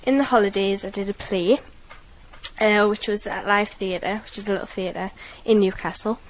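A woman's voice: medium pitch, fairly even intonation, moderate pace, slight background noise, poor audio. A young woman with a Geordie accent, a university student reading a passage and then chatting in an upbeat way. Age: young adult. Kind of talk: read passage then casual chat.

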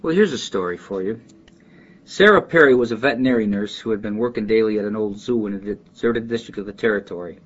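A man from near Chicago's West Side, speaking with a Chicago accent, reads a short story aloud for a dialect archive and then talks casually about how people speak. He talks fast in a lowish voice, rambling with restarts and asides, and the audio is dull.

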